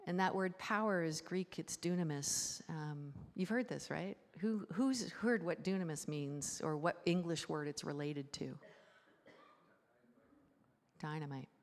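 Woman, pastor, conversational sermon, lower voice, rhetorical questions, long church reverb. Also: measured pace. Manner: lively, many rhetorical questions, quiet guided breathing.

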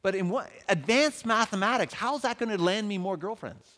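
A man speaks with a lively, bouncing delivery that swings widely in pitch and sits somewhat high for a male voice. He jokes with his listeners in an easy conversational way while giving a talk on faith at a church event. A long hall reverb follows his words through the large space. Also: moderate pace. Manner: animated, joking, conversational.

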